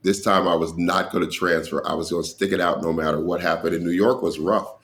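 Deep gravelly comedian telling stories. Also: male voice, a little fast. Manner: animated storyteller who acts out dialogue and laughs. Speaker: comedian guest. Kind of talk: storytelling in an interview.

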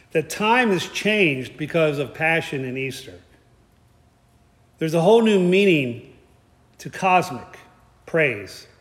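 A man giving a conversational sermon, with joking asides and frequent restarts. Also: a little high. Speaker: preacher. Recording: echoey hall.

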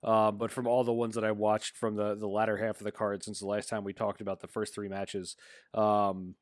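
A man's voice: lowish voice, flat delivery, normal speed, no room sound, clean studio sound. A man co-hosting a podcast in casual chat, hesitant with many ums, then getting emphatic. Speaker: podcast co-host.

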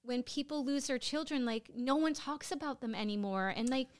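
An American woman in her thirties, co-hosting a podcast and telling a story in a casual, emotional way, with halting speech and lots of fillers. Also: high-pitched, no room sound. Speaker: podcast co-host.

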